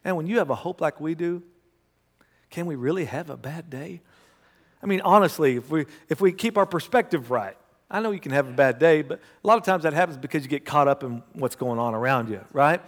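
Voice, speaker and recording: A pastor preaching a sermon, telling stories and building to loud, emphatic passages. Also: male voice, on the high side, expressive, a little fast. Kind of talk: sermon with storytelling. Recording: long hall reverb.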